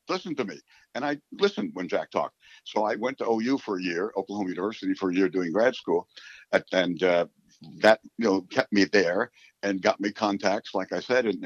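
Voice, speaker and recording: An older man from New York City, a sportscaster, rambling through a long interview answer with repeated words and animated asides. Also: low voice, no echo. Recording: slightly dull, dry recording.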